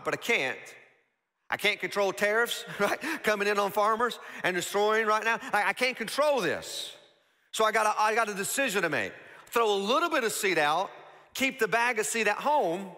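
A man preaching to his congregation with a high, bright, forceful voice that carries a long reverb through a church auditorium. He talks conversationally and keeps asking rhetorical questions, swinging between emphatic passages and hushed, intimate ones. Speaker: pastor. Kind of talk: sermon.

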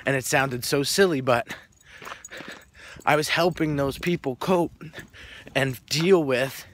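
A man's voice: mid-range voice, slow pace, a bit bright, slight background noise. A man casually telling a personal story to camera, earnest, often repeating words as he searches for them. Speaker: motivational vlogger.

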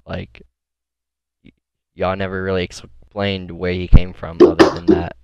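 A man with a very deep, gravelly voice talks casually. He asks relaxed questions with a slight drawl. The mic is close and dry. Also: normal speed, dry recording. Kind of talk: casual chat.

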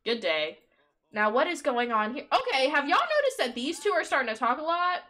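A young woman gives excitable, gossipy commentary on her game during a live stream, cursing freely and laughing often. Her voice is high-pitched and fairly quick.

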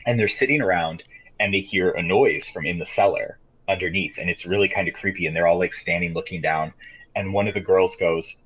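Deep husky guy, dull lo-fi audio. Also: a little fast, a bit bright. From Michigan, USA. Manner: rambling storyteller with many fillers, swears freely. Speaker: podcast co-host. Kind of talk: casual chat.

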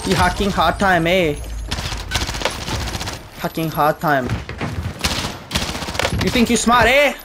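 A man's voice: sits high, lively intonation, slow, long pauses, background noise, pitched above the performer's own voice. A man putting on a mocking voice of a cheater, taunting in broken grammar. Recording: gunfire behind the game audio.

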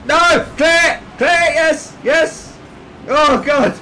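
A man commentating his own gameplay excitedly, yelping, swearing and shouting at each play. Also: very high-pitched, extremely slow, slight background noise, rough recording. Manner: excitable, yelps and shouts at plays, swears, laughs often.

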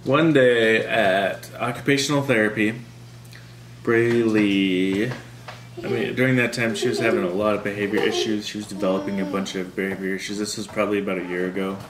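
A father who vlogs chats casually in a family vlog, his lowish voice brisk and fairly even in intonation as he rambles and restarts sentences while explaining things. The recording is echoey, with clear background noise including crowd sounds.

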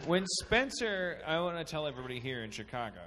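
A man's voice: a little high, big pitch swings, quick pace, very noisy. A man hosting a live podcast, joking loosely while steering the show along. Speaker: host. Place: live stage before an audience.

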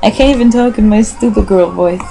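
A woman plays a video game while giving casual commentary in a medium-pitched, slightly fast, mellow voice with vocal fry. She rambles and swears, talking to herself and the game characters with self-mocking asides, over soft background music. The audio quality is poor.

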